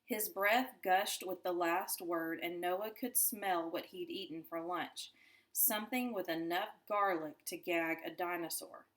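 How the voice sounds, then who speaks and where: A teacher reading a chapter book aloud to her class, in an unhurried, lowish voice. She takes each sentence slowly and deliberately, savoring the story. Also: fairly bright tone. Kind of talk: children's book read-aloud.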